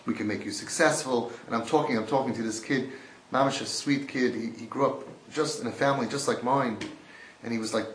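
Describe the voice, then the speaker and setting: A man teaching a sermon-style class, swinging from hushed to loud and mixing in Yiddish and Hebrew terms. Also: medium pitch, slight background noise. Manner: swings between hushed and shouting, acts out voices. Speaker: rabbi giving a Torah class. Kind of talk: impassioned sermon. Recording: echoey room.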